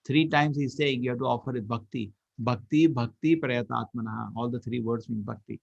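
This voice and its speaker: A man giving a lively scripture lecture as a temple preacher, telling stories animatedly. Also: mid-range voice, brisk, vocal fry, no echo. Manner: animated storyteller, acts out quotes. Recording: dull lo-fi recording.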